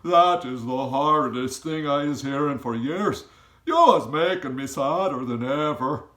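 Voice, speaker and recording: Storybook giant, male, old, huge and soft-hearted, played by a man, high and sing-song, broken grammar, slow drawn-out words. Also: very animated, heavily acted. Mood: indignant.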